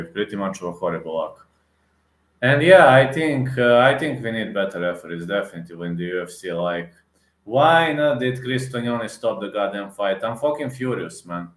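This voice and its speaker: A man's voice: deep voice, echoey room. A man giving a heated, casual rant as an MMA reaction vlogger. He repeats himself with emphasis, and he fills his talk with restarts and hesitations. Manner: repetitive, emphatic, many fillers and restarts.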